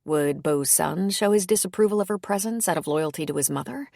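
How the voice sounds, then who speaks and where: A woman narrating a romance audiobook in a measured storytelling manner. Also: fairly low pitch, vocal fry, darkish tone, no room sound, studio quality. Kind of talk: scripted narration.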